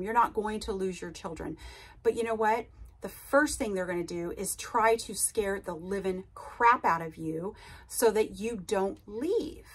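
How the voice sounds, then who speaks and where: Husky-voiced woman coaching with emphasis. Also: mid-range voice. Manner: emphatic and chatty, with frequent "okay?" and "right?" check-ins. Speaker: podcast host and narcissistic abuse recovery coach. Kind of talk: casual advice talk to listeners.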